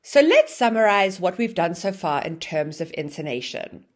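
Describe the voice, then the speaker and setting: A woman teaches an online English grammar lesson, explaining things with a lively, sing-song intonation. Her voice is fairly low, and she speaks at a moderate pace.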